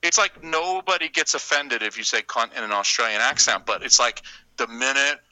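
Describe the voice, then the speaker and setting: A man's voice: mid-range voice, normal speed, no room sound, low-quality recording. A man co-hosting a podcast, talking in crude, teasing, profane banter with his friends. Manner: loud, teasing, profane, animated. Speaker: podcast co-host.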